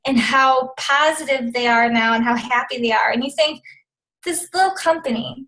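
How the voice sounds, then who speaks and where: A woman's voice: high voice, fairly bright tone, rough recording. A woman in her thirties giving a chatty, upbeat motivational talk as a coach on a team call, full of fillers like "like" and "you know". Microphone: phone or conference call line.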